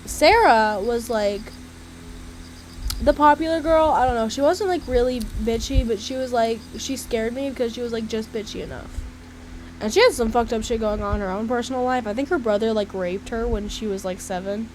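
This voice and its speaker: A young woman with a higher voice tells personal stories in a casual monologue at a moderate pace, chatty, swearing freely, saying "like" constantly and laughing between lines. The storyteller is captured on a low-quality recording with a little hiss or hum.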